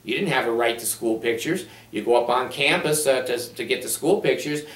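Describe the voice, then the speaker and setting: A man's voice: mid-range voice, fairly quick, fairly bright tone. A man counselor talking to camera in a casual monologue, blunt, sardonic and rambling. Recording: roomy sound from a distant mic.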